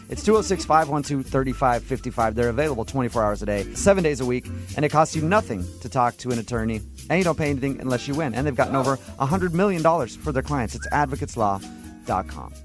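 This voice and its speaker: Man, radio host, animated, joking, swooping voice, faint music behind. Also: mid-range voice. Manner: jokey, animated storytelling with silly put-on voices. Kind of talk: morning radio banter.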